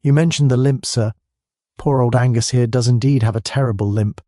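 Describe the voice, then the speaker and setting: An actor voicing a sly, mild-mannered village policeman who talks in a soft, syrupy drawl with a thick Scottish Highland accent. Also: fairly even intonation, a little fast, no room sound, studio quality, natural voice.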